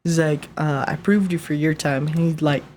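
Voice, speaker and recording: A man's voice: on the high side, brisk, slight background noise. A young man co-hosting a faith podcast, chatting casually and acting out what his coworkers and boss said. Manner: animated storyteller, acts out coworkers' lines. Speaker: podcast co-host. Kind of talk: casual chat.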